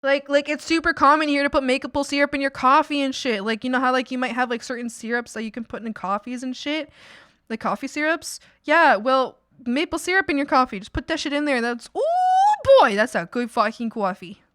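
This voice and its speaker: Casual Canadian woman streamer, slightly high voice, playful and laughing, swears loosely, dry sound. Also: fairly quick, fairly bright tone, dry recording. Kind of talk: casual chat while drawing on stream.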